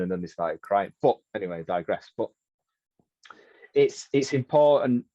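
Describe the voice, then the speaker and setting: Man, reflective rambler, low voice, muffled dry podcast audio. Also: animated, brisk, warm tone, no room sound. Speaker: guest. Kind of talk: casual podcast chat.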